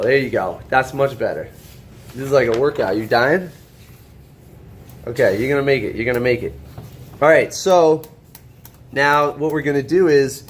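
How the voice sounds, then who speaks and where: A man teaching a high school shop class, walking students through a drawing step by step, checking in often and joking with them. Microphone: camera held by a student.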